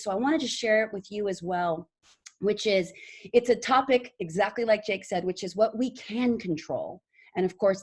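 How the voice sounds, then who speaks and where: A woman giving an earnest, heartfelt motivational talk to an audience on a video call. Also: medium pitch. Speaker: inspirational speaker.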